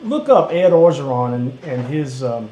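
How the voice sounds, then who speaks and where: A man co-hosting a casual live stream, telling stories with animated bursts. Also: medium pitch, normal speed. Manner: animated storyteller, excited bursts. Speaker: podcast co-host. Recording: echoey room with faint hiss.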